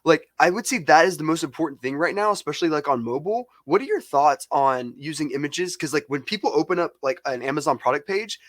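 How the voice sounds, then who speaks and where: A man's voice: fairly high pitch, expressive, dry recording. A man co-hosting a marketing webinar asks questions in a casual way, filling his sentences with "like". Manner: casual, with many "like" fillers and quick agreements. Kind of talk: webinar conversation.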